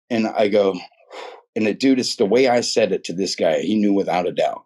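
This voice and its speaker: A man's voice: fairly low pitch, expressive, normal speed, a little mellow, slightly rough. A middle-aged man telling his own life story in casual, earnest, rambling speech, full of "dude" and "man". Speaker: guest telling his testimony. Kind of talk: casual personal testimony.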